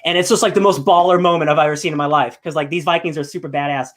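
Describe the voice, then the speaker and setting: A young man hosting a podcast, chatting casually in an excitable, rambling way with bursts of loud enthusiasm. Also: a little high, rapid-fire. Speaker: podcast host. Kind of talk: casual chat.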